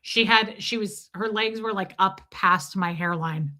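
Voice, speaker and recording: A woman's voice: mid-range voice, measured pace, sharp tone. A young woman hosting a casual livestream, telling a rambling, joking story and swearing freely. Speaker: livestream host. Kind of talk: casual streaming chat.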